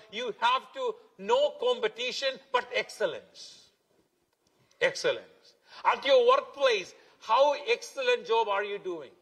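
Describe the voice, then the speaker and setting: In a church hall full of long reverb, a male pastor preaches with a very high-pitched, fairly bright voice. His sermon is emphatic and repetitive, drawing out key words.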